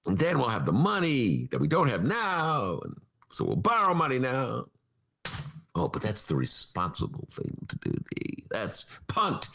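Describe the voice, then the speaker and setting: Man, podcast host, sarcastic political rant, pitch leaping all over, studio mic. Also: wildly swooping pitch, a little slow, vocal fry, bright, forceful tone. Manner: sarcastic, mocking, does voices of politicians. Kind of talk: opinionated political talk. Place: radio studio.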